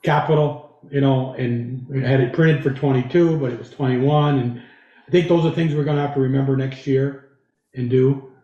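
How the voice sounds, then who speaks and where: A man's voice: medium pitch, steady tone, moderate pace, mellow, muffled recording. Folksy man in an echoey room. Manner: folksy, rambling. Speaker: selectboard member. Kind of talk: public meeting discussion.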